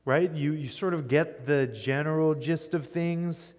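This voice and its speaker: A man's voice: a little high, unhurried, a little mellow, big-room sound. A man giving a conversational Bible lecture as a teacher, often checking in with his listeners. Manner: conversational, keeps asking "right?". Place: church.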